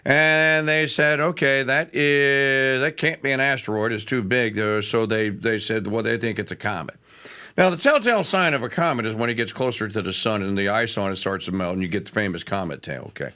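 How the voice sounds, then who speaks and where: A man's voice: fairly low pitch, animated, a little fast, pushed and bright. A man hosting a live talk radio show, chatting in a rambling, self-correcting way.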